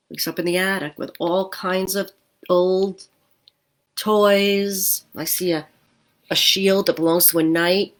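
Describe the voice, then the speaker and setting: Slow storytime librarian, middle-aged woman, lowish voice, asks kids questions. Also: fairly even intonation. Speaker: children's librarian. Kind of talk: storytime read-aloud.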